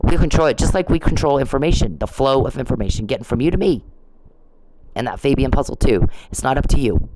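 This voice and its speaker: A woman's voice: a bass voice, lively intonation, fast, mellow, a little hiss or hum, rough recording. A woman ranting angrily straight at the camera, scolding and swearing, stumbling over her words when heated. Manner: furious, profane, scolding; repeats and restarts when heated. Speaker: vlogger. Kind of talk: angry direct-address rant.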